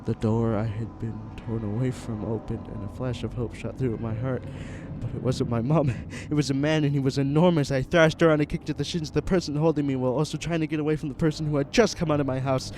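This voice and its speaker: A man narrating a first-person horror story in an earnest, halting way, with small restarts. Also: mid-range voice, fairly even intonation, a little mellow, slight background noise. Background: music.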